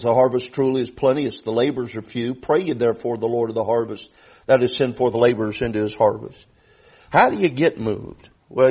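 A man's voice: mid-range voice, darkish tone, husky. An older man preaching a sermon as pastor, earnest, telling stories with frequent restarts.

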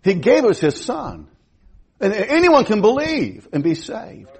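A man's voice: high-pitched, wildly swooping pitch, unhurried, a little mellow, slightly rough. A man in his fifties preaching a sermon as pastor, emphatic, repeating his phrases and restarting. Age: 50s.

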